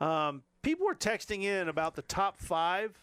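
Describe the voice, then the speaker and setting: Radio co-host, male, high-pitched, dry teasing delivery, reads texts aloud. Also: sing-song, normal speed, a bit bright, clear, resonant tone. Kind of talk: sports radio banter.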